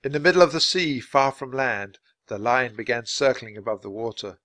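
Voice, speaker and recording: A man reading a children's adventure book aloud, clear and steady for language learners. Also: medium pitch, moderate pace, dry recording. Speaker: storybook reader.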